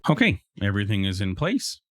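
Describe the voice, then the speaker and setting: With a lowish, slightly bright voice, huge pitch swings, and a brisk pace, a man hosts a let's play. He comments casually, addresses the game's creatures, and keeps breaking off with fillers and restarts.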